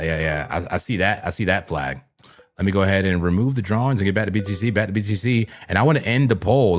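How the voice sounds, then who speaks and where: A man hosting a crypto trading livestream, chatting loosely with his viewers and rambling with plenty of "like" and "man.". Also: low voice. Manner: talks straight to chat viewers. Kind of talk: casual live trading commentary.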